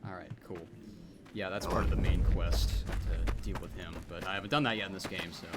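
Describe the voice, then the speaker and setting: A man's voice: low voice, steady tone, fairly quick, over loud music. A man streaming a video game live, giving joking, rambling commentary. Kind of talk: casual live-stream chat. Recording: noisy background.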